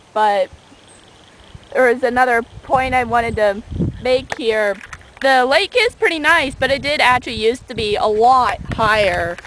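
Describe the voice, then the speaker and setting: A young woman with a high, light voice takes her time over a loose, chatty rant. She talks outdoors from a small boat on a lake, held close to a handheld camera, with a faint hiss of noise behind her. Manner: rambling, chatty. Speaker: vlogger. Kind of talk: casual video rant.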